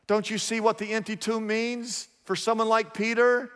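A man's voice: sits high, flat delivery, normal speed, a bit bright, clear, resonant tone, big-room sound. A man preaching a sermon, telling a story emphatically with lots of repetition.

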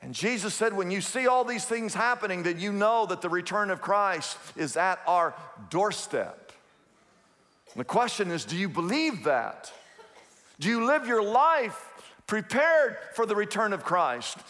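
A man preaching a sermon as a pastor, emphatic, stretching some words slowly and rushing through others, and acting out quoted speakers. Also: sits high, big pitch swings, fairly bright tone. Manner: emphatic preaching, swinging from drawn-out to rapid. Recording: long hall reverb.

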